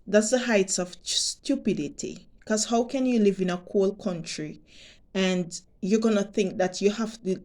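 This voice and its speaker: A Jamaican woman vlogging to her subscribers, talking deliberately and emphatically and repeating her points. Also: mid-range voice, darkish tone. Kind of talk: direct-to-camera monologue.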